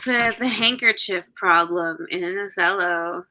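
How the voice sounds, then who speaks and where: A woman's voice: fairly low pitch, a little slow, sharp tone, low-quality recording. A young woman co-hosting a book club discussion in casual chat, talking loosely with lots of fillers and casual swearing.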